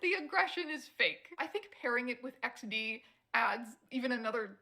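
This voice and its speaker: A woman's voice: fairly high pitch, expressive, moderate pace, pushed and bright, faint music behind. A woman narrating a scripted video essay in a wry, amused tone.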